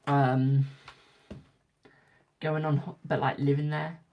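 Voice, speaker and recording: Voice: medium pitch, flat delivery, slow pace, highs cut off. A young adult tarot reader from Britain chatting casually with live viewers, rambling and repeating phrases for emphasis.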